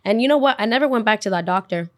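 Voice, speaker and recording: A young adult woman hosting a podcast, telling a personal story in a casual, animated way with frequent swearing. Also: a little high, rapid-fire. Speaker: podcast host.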